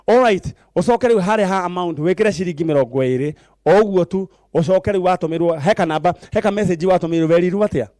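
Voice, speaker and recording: Brisk Kenyan man hosting a live show. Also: sits high, mellow, dry recording. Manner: brisk, coaxing, gives instructions. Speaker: TV show host. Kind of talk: lively live TV game segment.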